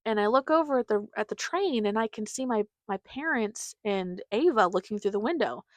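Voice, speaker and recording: A woman hosting a podcast tells a rambling, chatty story in a casual monologue, acting out what her family said. Her mid-range voice has lively intonation and a moderate pace, with no echo.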